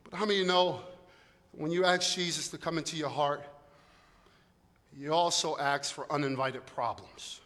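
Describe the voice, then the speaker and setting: A middle-aged man preaching a sermon in a humorous, conversational way, now and then shouting for emphasis. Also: a little high, normal speed, long pauses. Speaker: pastor. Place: church hall. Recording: long echo of a large hall.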